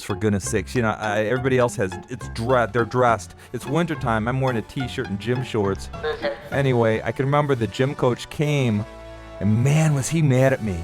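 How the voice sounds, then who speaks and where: A middle-aged man hosting a podcast, telling childhood stories in a relaxed monologue and acting out the quoted voices now and then. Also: medium pitch. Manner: nostalgic, acts out quoted voices with some filler words. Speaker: podcast host. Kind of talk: storytelling monologue.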